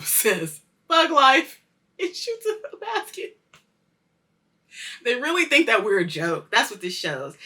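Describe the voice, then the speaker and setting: A woman hosting a weekly show, casually reviewing a TV episode, animated and swearing freely as she acts out the scenes. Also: mid-range voice. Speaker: host of a weekly culture show.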